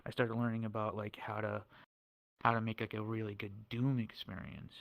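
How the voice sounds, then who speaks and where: A man's voice: on the low side, flat delivery, normal speed, no echo. A man on a podcast, chatting casually as a guest about building game worlds, often repeating words and tagging "right?" on his sentences.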